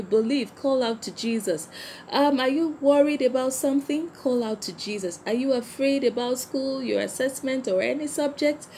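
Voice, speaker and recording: A woman's voice: high voice, dark tone. A woman with a slightly raised voice teaches a children's Sunday school lesson. She speaks emphatically, repeats her main points and keeps asking her young listeners questions. Faint noise sits behind her voice. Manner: emphatic, repeats key phrases, quizzes listeners.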